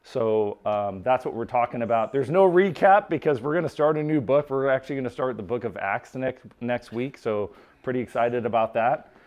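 Conversational preacher, mid-pitched man. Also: moderate pace, darkish tone. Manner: informal, lots of restarts and "like". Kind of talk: conversational sermon storytelling.

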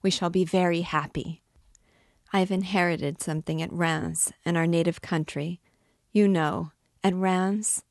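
A woman voicing a half-mad older mother in a dramatic novel reading, gushing and tender with a slow, gravelly delivery. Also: lowish voice, fairly even intonation, a little mellow, no room sound, clean studio sound. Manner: tender, gushing, rising to frantic.

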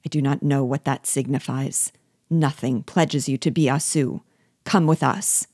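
A woman's voice: rumbling low, steady tone, measured pace, darkish tone, husky, dry recording, studio quality, heavily acted. A woman reading as an indignant, loyal young hero. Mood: urgent. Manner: urgent, indignant questioning. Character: passionate young man, loyal rescuer, quick to anger.

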